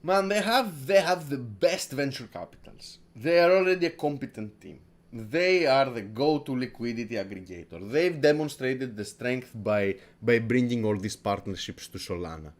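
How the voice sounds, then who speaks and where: A man's voice: mid-range voice, animated, normal speed. A man hosting a casual crypto livestream who rambles, repeats his words, swears and laughs a lot, from Greece. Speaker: crypto stream host.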